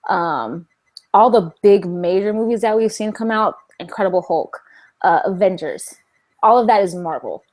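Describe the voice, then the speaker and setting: A woman's voice: medium pitch, normal speed, a little mellow. A young woman from California co-hosting a casual podcast chat, talking in a chatty way with lots of "like" and restarts. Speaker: podcast co-host.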